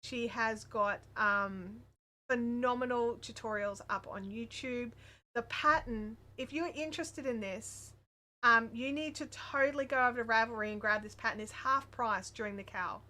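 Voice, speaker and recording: Reading out viewer comments on her casual crochet livestream, an Australian woman speaks at a moderate pace. Her voice is slightly high with a sharp tone, and her chat rambles, thick with fillers.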